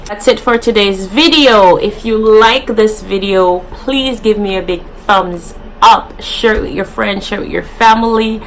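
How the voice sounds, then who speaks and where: A woman's voice: mid-range voice, unhurried, few pauses, a bit bright, a little hiss or hum, poor audio. A young adult woman with a Jamaican accent, hosting a casual vlog and playfully switching into patois examples. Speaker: vlogger.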